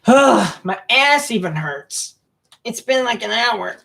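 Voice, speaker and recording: Against background noise, a young man with a very high-pitched, animated voice and vocal fry narrates a screen recording slowly for his vlog. He mumbles, rambles and grumbles to himself about whatever turns up on his computer.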